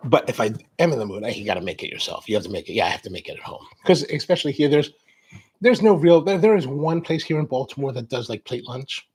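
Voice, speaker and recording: A man's voice: mid-range voice, lively intonation, quick pace, darkish tone, a little hiss or hum. A man hosting a coffee show, chatting casually in a rambling way, drifting off on tangents and restarting his sentences. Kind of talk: casual chat.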